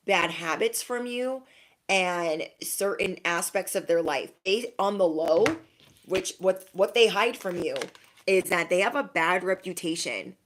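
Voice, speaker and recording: A young adult woman giving a casual intuitive reading to her viewers, frank and chatty, full of "like" fillers. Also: mid-range voice. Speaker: intuitive card reader.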